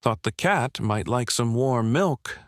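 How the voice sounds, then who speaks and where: A man's voice: mid-range voice, lively intonation, takes it slowly, dry recording, studio quality. A man reading the lines of a shifty male handyman, defensive and offhand.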